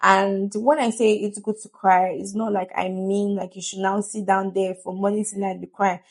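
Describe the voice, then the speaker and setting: Gravelly-voiced woman. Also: mid-range voice, level tone, normal speed. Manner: chatty and earnest, laughs often. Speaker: vlogger. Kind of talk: casual motivational talk to camera.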